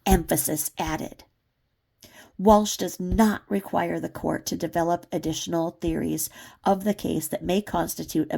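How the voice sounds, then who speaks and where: A woman's voice: on the low side, gravelly, mellow. A woman reading a court filing aloud, breaking off now and then for sarcastic asides. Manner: reads legal citations, breaks off with sarcastic asides and laughs.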